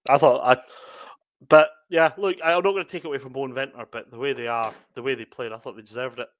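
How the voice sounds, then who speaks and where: A man's voice: mid-range voice, fairly even intonation, fast, a bit bright, no room sound, muffled recording. A man, co-hosting a casual podcast and walking through match moments step by step. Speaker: podcast co-host. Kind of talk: casual sports chat.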